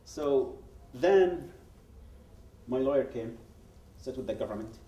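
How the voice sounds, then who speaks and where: Guy in his 40s, talking to a crowd, dark mellow voice, acts out the dialogue, mic far off in an echoey hall. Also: medium pitch, slow, highs cut off, slight background noise. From Yemen. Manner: animated, acts out quoted dialogue, frequent restarts. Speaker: guest speaker at a public event. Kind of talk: personal testimony told as a story. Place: event hall.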